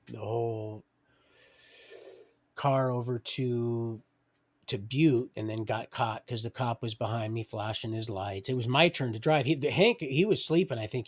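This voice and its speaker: A middle-aged man telling his own life story on a live stream, digressive and loose, chuckling as he goes. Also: medium pitch. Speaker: livestream storyteller. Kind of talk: rambling personal storytelling.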